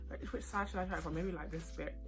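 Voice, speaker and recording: With faint music in the background, a young UK woman speaks fairly quickly in a voice on the low side. She's a vlogger doing a casual mukbang, eating, reviewing food and a film, and chatting excitably in slang.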